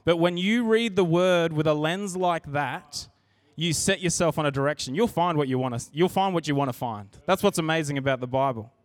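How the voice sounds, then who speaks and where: An earnest man preaching a sermon in a church, his voice sitting a bit high for a man. He talks in a conversational way and restarts his sentences as he goes. The recording is dry and close, with little room sound. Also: brisk, no echo.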